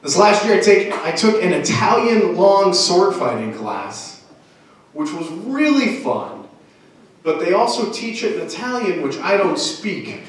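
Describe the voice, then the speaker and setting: A man's voice: high voice, unhurried, recorded from a distance. A young man doing a self-deprecating stand-up comedy set on a club stage. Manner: self-deprecating, animated delivery. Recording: echoey room, mic heard from afar.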